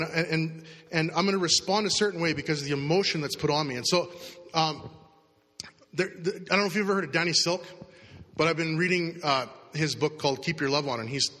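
A man preaching a sermon in a conversational way, acting out the voices in people's heads. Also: pushed and bright. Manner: conversational, acts out inner voices with rising pitch. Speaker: pastor. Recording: long reverb of a large hall.

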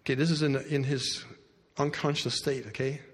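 A man preaching to a congregation, telling a story with loud bursts and quiet asides. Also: medium pitch, fairly even intonation, moderate pace. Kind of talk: sermon storytelling. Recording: long hall reverb.

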